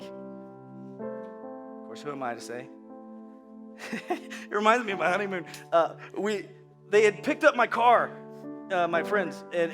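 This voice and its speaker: A man preaching a sermon as pastor, moving from hushed, quiet lines to loud, animated storytelling. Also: high-pitched.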